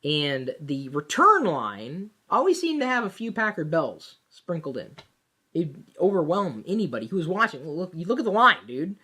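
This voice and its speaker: A woman telling a personal work story in a casual, animated way, with plenty of fillers and restarts. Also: fairly low pitch, moderate pace, breathy edge. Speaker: vlogger.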